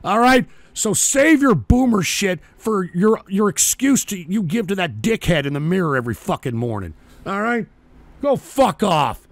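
A belligerent man hosting a call-in show, his voice pitched high and swinging wildly up and down as he rants. He is loud, profane and mocking, and he sounds dry and close to the mic with no room around him. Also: lively intonation, normal speed, few pauses, no echo. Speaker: radio show host. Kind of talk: combative call-in radio rant.

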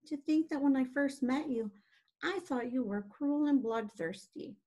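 An earnest, emotional young pig, his storybook lines pitched up high and pleading, as a woman reads him aloud. He comes across fervent and heartfelt. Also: a little slow, dark tone, rough recording. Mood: wistful.

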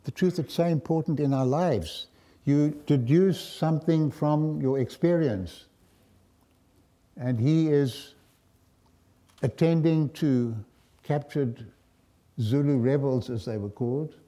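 An older man with a South African accent gives a lecture. His voice is mellow and dark at an ordinary pitch. He tells stories in a reflective, wry way and often pauses. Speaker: guest lecturer. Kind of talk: storytelling lecture.

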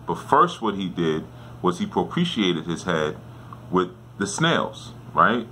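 Deep-voiced man telling a story casually. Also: sing-song, measured pace, pushed and bright, a little hiss or hum. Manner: conversational, often checks in with "right?". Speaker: spiritual teacher.

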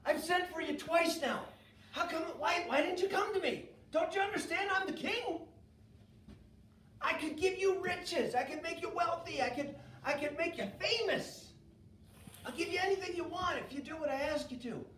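A man's voice: extremely high pitch, moderate pace, fairly bright tone, slight background noise, pitched above the performer's own voice. A man playing a bossy impatient king. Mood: demanding. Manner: bossy, boastful. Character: impatient demanding male king. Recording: echoey room, far from mic.

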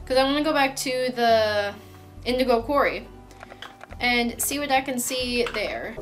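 A woman's voice: on the high side, a bit bright. A young woman giving casual let's-play commentary, chatty and playful, joking at herself and talking to the creatures on screen. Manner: chatty, playful, self-mocking, talks to the game creatures. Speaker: gaming YouTuber. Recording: game music playing behind the voice.

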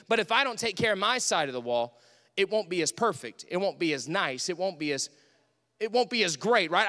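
A man's voice: sits high, animated, fairly quick, sharp tone. A man preaching an impassioned sermon in a church sanctuary, repeating phrases for emphasis. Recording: long hall reverb.

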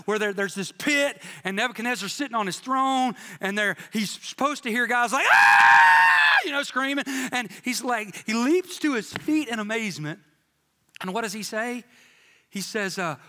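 In a church sanctuary, a pastor preaches a sermon, telling stories in an animated, joking style and putting on playful voices for quotes. His voice sits high, and the sound carries the feel of a big room.

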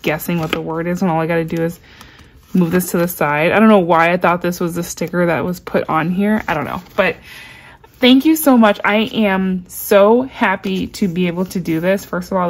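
A woman vlogger unboxing a package in casual chat, gushing with excitement and reading cards aloud slowly. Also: medium pitch, vocal fry.

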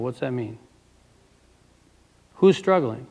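A man delivers a fervent sermon, reading a passage and then breaking off to question his listeners. His voice sits a little high and carries a gravelly fry. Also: expressive, moderate pace. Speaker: preacher. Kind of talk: sermon reading from a book with commentary.

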